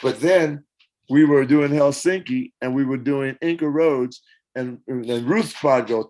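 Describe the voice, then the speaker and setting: An older man in a casual interview, telling stories with lively acted-out quotes and hummed parts. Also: mid-range voice, a little slow, a little hiss or hum, rough recording. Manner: animated storyteller, acts out quotes and hums parts. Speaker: interview guest, former band singer.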